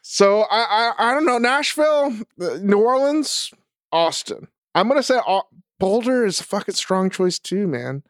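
High-voiced, animated man swearing freely. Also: normal speed, no echo, studio quality. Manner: profane, emphatic storyteller. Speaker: podcast co-host. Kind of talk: casual chat.

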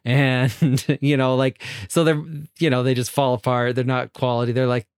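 A man's voice: medium pitch, little pitch movement, moderate pace, smooth, no room sound, studio quality. A man co-hosting a podcast, riffing on a joke movie theory with loose, giggly banter. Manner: giggly, builds on jokes, loose rambling banter. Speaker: podcast co-host. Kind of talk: casual chat, joking movie analysis.

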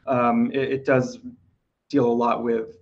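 A man hosts a podcast, his voice worn and going hoarse. He talks chattily with many ums and restarts, and the audio sounds a little dull. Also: mid-range voice, level tone, slow pace. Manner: chatty, hesitant with fillers. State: losing his voice. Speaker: podcast host. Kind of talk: casual awards-prediction chat.

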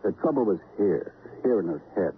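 Actor as a hesitant lovelorn chiropractor, very deep voice, measured, tinny radio. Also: male voice, expressive, slight background noise, close to an everyday voice. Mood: confessional. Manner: halting, confessional, measured. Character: hesitant, lovelorn middle-aged male chiropractor. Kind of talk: 1950s radio drama acting. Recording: tinny old radio broadcast.

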